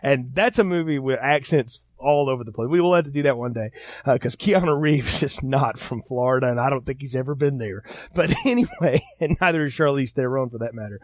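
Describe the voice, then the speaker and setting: A man co-hosting a film podcast, reviewing a movie in casual, animated chat and quoting lines in put-on voices. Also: medium pitch, brisk, no room sound, studio quality. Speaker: podcast co-host.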